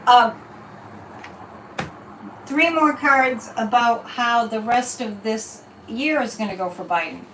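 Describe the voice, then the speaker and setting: Slightly high-voiced and taking it slowly with frequent pauses, this woman hosts a psychic reading livestream far from the mic. She speaks casually and emphatically, with animated repetition, in an echoey room with faint background noise.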